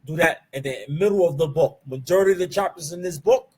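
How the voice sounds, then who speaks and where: A man teaching an online Arabic grammar class. He asks the class questions and answers them himself, drills key terms slowly and mixes Arabic terms into his English. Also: on the high side, a little mellow, slightly rough. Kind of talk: live online class lecture.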